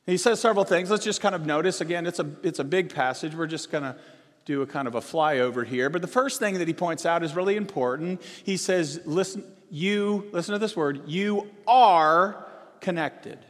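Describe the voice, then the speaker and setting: A man preaching a sermon as pastor, rising to emphatic stressed words and dropping low and soft between them. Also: fairly quick. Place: church sanctuary. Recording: long reverb of a church hall.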